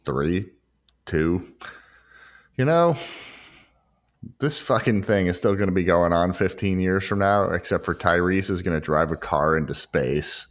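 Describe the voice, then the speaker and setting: A man's voice: low voice, unhurried, long pauses. A man co-hosting a casual movie podcast, making wry, profane jokes. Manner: wry, profane, joking asides. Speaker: podcast co-host.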